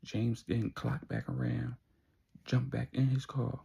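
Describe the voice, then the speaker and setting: Gravelly, husky male storyteller. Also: mid-range voice, very animated, mellow. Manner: slangy and conversational, with dramatic pauses. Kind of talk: casual spoken storytelling.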